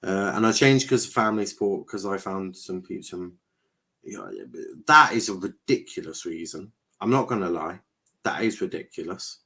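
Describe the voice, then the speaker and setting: A man's voice: sits low, normal speed, bright, forceful tone. A young man hosting a live football watchalong, chatting casually with viewers, rambling, stumbling over words and swearing now and then. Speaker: watchalong streamer host. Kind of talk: casual live-stream chat reading viewer comments.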